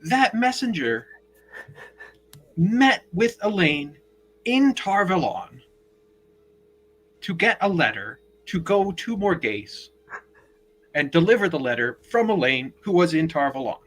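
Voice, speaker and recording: A man's voice: high-pitched, very animated, takes it slowly, pauses often, a bit bright, low-quality recording. A man joining a casual podcast chat, laying out story details at length.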